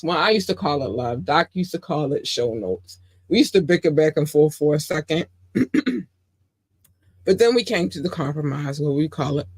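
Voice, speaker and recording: A woman hosting her own podcast in casual chat, gushing and excitable, with loose fillers and self-corrections. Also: no echo. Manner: gushing, excitable, big pitch swings. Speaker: podcast host.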